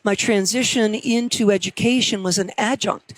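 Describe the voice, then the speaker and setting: A woman professor telling stories in a conversational interview, lively when quoting others. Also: mid-range voice, moderate pace, no room sound, poor audio. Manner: storytelling, animated quotes. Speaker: professor and guest.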